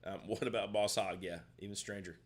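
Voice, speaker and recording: A man co-hosting a live stream in laid-back, rambling chat that often trails off quietly. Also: lowish voice, steady tone, fairly quick. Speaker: co-host of a guitar shop live stream. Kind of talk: casual chat.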